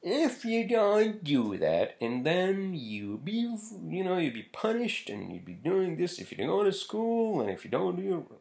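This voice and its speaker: A man imitating a bossy male TV doctor who lectures a teenager in a loud, slow voice. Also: sits high, huge pitch swings, gravelly, pitched above the performer's own voice, full character voice. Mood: scolding. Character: bossy middle-aged male TV doctor scolding a teen.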